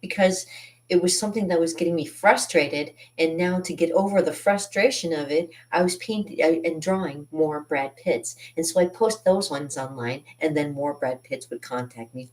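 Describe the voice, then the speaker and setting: A woman's voice: low voice, normal speed. A woman in her fifties telling self-deprecating stories in a rambling casual monologue, often laughing at herself. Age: 50s. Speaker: artist and channel host.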